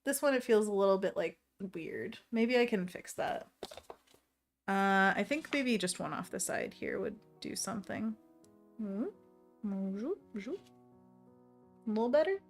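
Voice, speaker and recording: A woman's voice: mid-range voice, animated, moderate pace, vocal fry, faint music behind. A woman hosting a painting livestream, chatting casually, reading viewer messages aloud and laughing often while she works. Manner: talks to herself while working. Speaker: livestream host painting envelopes.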